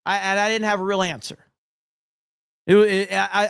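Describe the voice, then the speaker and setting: Sarcastic livestream host, slightly high voice. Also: male voice, level tone, moderate pace, creaky, a bit bright, clear, resonant tone, dry recording, studio quality. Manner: sarcastic mock-earnest delivery, blunt and profane; frequent restarts and stammering. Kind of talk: live-streamed talk show reading chat.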